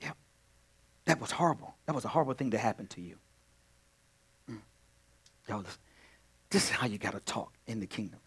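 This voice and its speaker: A male pastor preaching a sermon, swinging between loud exclamations and hushed asides, addressing the congregation directly and repeating phrases. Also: on the low side, animated, fairly quick, pauses often, husky.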